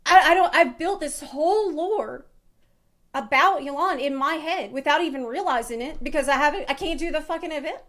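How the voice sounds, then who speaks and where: A woman's voice: high-pitched, fairly quick, fairly bright tone. A woman streamer giving rambling live reaction commentary, laughing and swearing freely.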